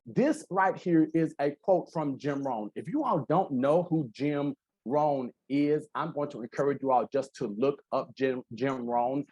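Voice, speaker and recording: A man's voice: mid-range voice, a little slow, slightly rough, dry recording, highs cut off. A man giving an interactive real estate training over a video call, teasing his audience with jokes as he teaches. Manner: joking, lively teaching banter.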